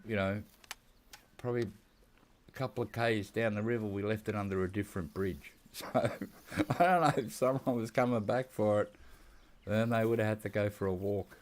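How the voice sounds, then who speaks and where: A man with an Australian accent telling rambling, laughing stories while he plays a hunting game. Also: lowish voice. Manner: rambling anecdotes with laughs and quoted dialogue. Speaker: gaming YouTuber. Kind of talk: casual storytelling while playing a hunting game.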